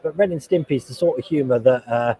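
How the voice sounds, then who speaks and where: A man of medium pitch and quick pace hosts a casual livestream in a loud convention hall, using a noise-cancelling headset. His chat rambles, and he reads comments aloud.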